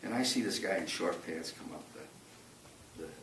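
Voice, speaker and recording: An older man telling a personal survival story in a rambling, halting way, often repeating words and restarting. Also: sits low, expressive, fairly bright tone. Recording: echoey room, distant mic, faint noise.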